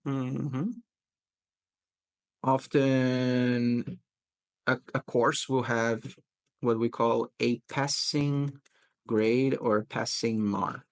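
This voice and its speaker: Guy teaching english pronunciation, gravelly fry in his voice, says words over slowly. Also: mid-range voice, steady tone. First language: Portuguese. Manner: patient, repeats words slowly to model pronunciation. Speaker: English teacher and podcast host. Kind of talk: pronunciation coaching in casual chat.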